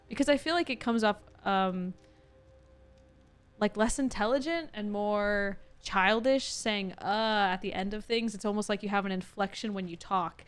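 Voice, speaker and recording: A woman with a Californian Valley Girl accent, chatting casually with her viewers while playing a game. She says "like" a lot, with upward inflection and a touch of vocal fry. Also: mid-range voice, normal speed, faint music behind. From California, USA. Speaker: gaming streamer. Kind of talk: casual let's-play chat with viewers.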